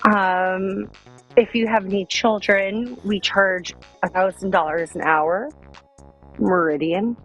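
A woman speaks very slowly and drily, making joking remarks as she chats casually on a stream. Faint music sits behind her. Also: mid-range voice, low-quality recording. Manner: slow, deadpan joking. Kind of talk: casual chat on a live stream.

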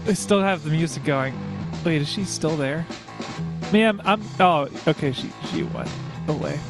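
A man hosting a live prank call radio show, groaning, excitable and repeating himself in casual banter. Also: a little high, a little slow. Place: home studio. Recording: music playing behind.

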